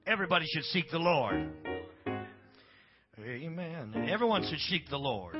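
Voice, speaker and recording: A man's voice: on the high side, animated, moderate pace, muffled recording, over loud music. A man preaching a live church sermon, with a rhythmic cadence and filler breaks between phrases. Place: church service.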